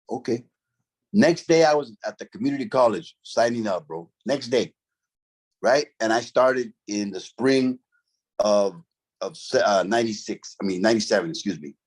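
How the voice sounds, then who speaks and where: A man's voice: lowish voice, husky. A middle-aged man, telling a story from his past in a casual, profane, streetwise way, full of "bro" and "right?". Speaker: interview guest, former convict.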